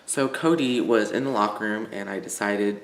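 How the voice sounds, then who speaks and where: A man's voice: fairly low pitch, normal speed, reverberant, a little hiss or hum. A teenage boy from Illinois telling stories in a casual vlog, rambling with lots of "like" and fillers. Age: teens. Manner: rambling, filler-heavy, full of "like". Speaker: vlogger.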